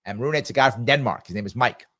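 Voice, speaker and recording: Man, live show host, casual Q&A chat, emphatic storytelling, middle pitch. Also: fast talker. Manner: conversational, emphatic, animated anecdote telling.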